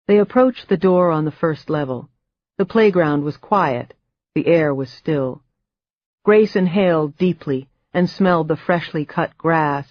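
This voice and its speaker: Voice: mid-range voice, a little slow, no room sound, highs cut off. Dry, wry audiobook narrator. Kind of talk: scripted narration.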